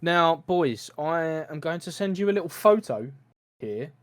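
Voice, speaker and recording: A British man hosting a comedy podcast in a lively, animated voice that bounces up and down. He laughs often as he tells the story. The sound is dry and close, with no room around him. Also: a little high, measured pace, no room sound. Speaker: podcast host. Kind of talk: casual comedy podcast chat.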